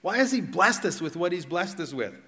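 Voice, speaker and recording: A middle-aged man preaching a sermon in a conversational way, asking the congregation questions and swinging between loud and hushed. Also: high-pitched, sing-song, brisk, long reverb tail. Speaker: pastor. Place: church hall.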